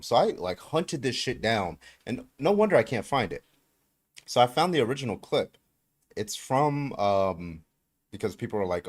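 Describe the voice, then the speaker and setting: A man hosting a livestream, chatting casually and swearing freely, with sudden loud outbursts. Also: lowish voice, sing-song, moderate pace. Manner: profane, talks through tech setup with sudden loud outbursts. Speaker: livestream host. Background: faint music.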